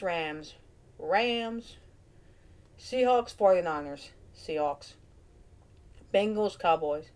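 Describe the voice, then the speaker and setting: A woman's voice: fairly low pitch, darkish tone. A woman with a Cajun accent hosting her own casual vlog, chatting through her picks in a playful, muttering way. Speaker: vlog host.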